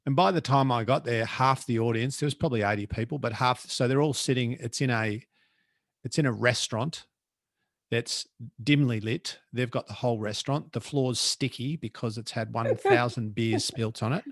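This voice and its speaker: A man's voice: mid-range voice, moderate pace, dry recording, clean studio sound. Blunt Australian man telling stories. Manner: blunt, colloquial, animated storyteller. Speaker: guest, professional speaker. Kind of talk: casual storytelling.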